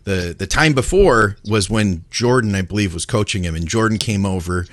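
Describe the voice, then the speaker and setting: Podcast guy rambling thru a story, gets excited and laughs, dry mic. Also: on the low side, moderate pace, dry recording. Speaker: podcast co-host. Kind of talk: casual storytelling chat.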